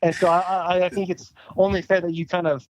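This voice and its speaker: A man's voice: sits high, level tone, a little fast, slight background noise, poor audio. A man co-hosting a podcast, hyping up and ribbing his co-host in casual chat. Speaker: podcast co-host, former NFL player.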